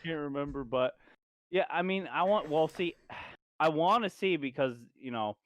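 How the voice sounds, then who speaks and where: This young man co-hosts a podcast, chatting casually and animatedly while swearing and laughing a lot. His voice is a little high and fairly bright, and his pace is measured and expressive.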